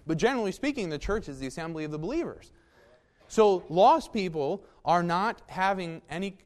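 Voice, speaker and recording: A man preaching a sermon in a folksy, emphatic way, with asides to the congregation. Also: fairly high pitch.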